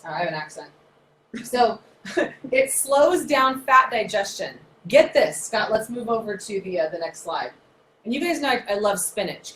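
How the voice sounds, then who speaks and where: Animated, chatty woman in her thirties. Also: medium pitch. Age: 30s. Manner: animated, chatty, self-described nerdy. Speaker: naturopath presenter. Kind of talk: casual explanatory talk. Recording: echoey room, faint noise.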